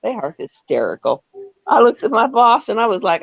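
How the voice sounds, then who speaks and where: A woman's voice: on the high side, sing-song, normal speed, vocal fry, slight background noise. A woman in her fifties hosting a live stream, telling stories in a chatty way with laughs and acted-out quotes. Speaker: host. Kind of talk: casual storytelling chat.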